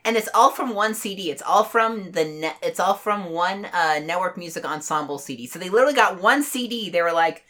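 A woman's voice: on the low side, lively intonation, brisk, hardly any pauses, pushed and bright. A woman co-hosting a casual podcast, answering with dry quips and laughing often. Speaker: podcast co-host.

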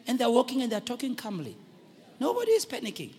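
A man delivers a sermon in a strikingly high, husky voice. He swings between hushed storytelling and loud exhortation with a lively, rising-and-falling pitch. His voice carries a long reverb, as in a large hall. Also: very fast, slight background noise. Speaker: preacher.

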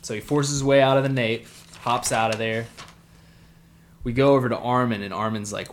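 A man's voice: medium pitch, fairly even intonation, slight background noise. A man co-hosting a casual podcast, recapping an anime episode in a blunt, joking way. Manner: joking, blunt, mimics characters in quick asides. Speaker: podcast co-host.

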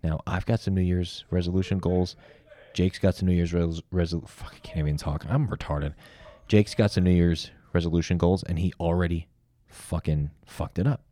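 A man's voice: sits low, fairly even intonation, moderate pace, dark tone. A young man co-hosting a casual podcast, rambling and swearing a lot in loose, joking banter. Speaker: podcast co-host.

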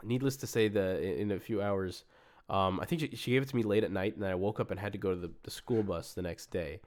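A young man in casual chat, telling a story in a rambling, halting way, often laughing at himself. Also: fairly low pitch, a little mellow. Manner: rambling, halting, laughs at his own stories. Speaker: co-host reading reviews.

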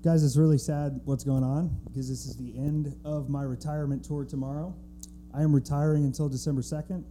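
A man appearing as a wrestler guest on a live podcast, joking in a mock-dramatic, deadpan way. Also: a little high, brisk, faint music behind. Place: theatre stage before a live audience.

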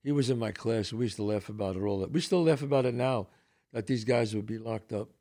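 A man's voice: lowish voice, brisk. An older man with a Bronx New York accent, telling stories as a podcast host and acting out the voices of people he quotes. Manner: animated storyteller who acts out quoted voices. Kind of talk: casual storytelling.

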